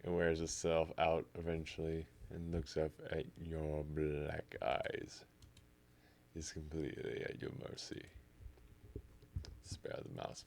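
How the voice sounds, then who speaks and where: A man's voice: a bass voice, completely flat delivery, slow pace, creaky, a little mellow, slight background noise. A man streaming live, reading a text game aloud in the second person and reacting as he goes.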